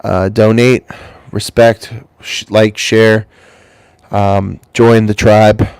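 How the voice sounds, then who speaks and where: A man's voice: on the low side, little pitch movement, very slow, vocal fry, clean tone, no room sound. A man with a cold hosting his channel, rambling through a crude comic monologue full of swearing, with a stuffy, congested voice. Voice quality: stuffy-nosed. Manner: loose, swearing, swings between mumbles and loud jumps. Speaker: channel host.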